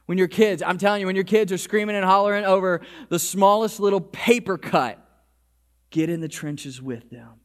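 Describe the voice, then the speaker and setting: A male pastor delivers his sermon in a high-pitched voice. He talks in an animated way, often restarting and repeating words, and his voice carries a lingering hall echo. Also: normal speed. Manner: animated preaching with frequent restarts. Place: church. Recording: hall reverb.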